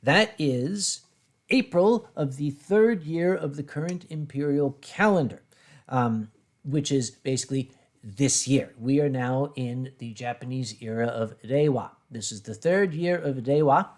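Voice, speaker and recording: A man's voice: medium pitch, measured pace, darkish tone. A man hosting a casual drinking stream, reading out viewer questions and giving short, dry answers. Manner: dry, clipped replies, reads viewer questions. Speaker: host.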